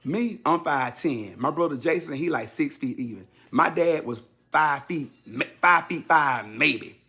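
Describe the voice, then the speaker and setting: A man in his fifties telling a personal story casually to his listeners, repeating himself for effect and jumping high and loud whenever he acts out what someone said. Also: a little slow, gravelly. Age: 50s. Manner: animated, leaps high and loud when acting out quotes; talks straight to the audience, repeating himself.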